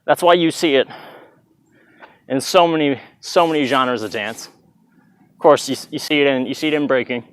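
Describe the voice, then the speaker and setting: Man, dance tutorial, casual, chatty, beat sounds, average pitch, moves off mic at times. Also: normal speed, pauses often, fairly bright tone, smooth, no echo. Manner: chatty, loose, vocalizes beats with "bah". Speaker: dance instructor. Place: outdoors in hot weather. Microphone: plugged-in mic, sometimes stepping away.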